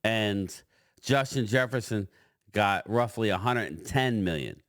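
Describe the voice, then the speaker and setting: A man giving opinionated sports commentary, arguing his points in an animated way and addressing a panel directly. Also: lowish voice, unhurried, no echo, clean studio sound.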